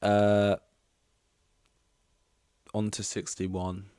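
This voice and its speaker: A man's voice: lowish voice, level tone, very slow, heavy background noise. A man hosting a casual solo podcast, rambling with self-interrupting jokes and asides. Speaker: podcast host.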